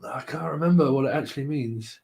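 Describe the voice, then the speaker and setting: A man's voice: medium pitch, a little fast, gravelly, darkish tone. A man hosting a live tarot stream, chatting casually with viewers, joking and laughing often. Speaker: tarot livestream host.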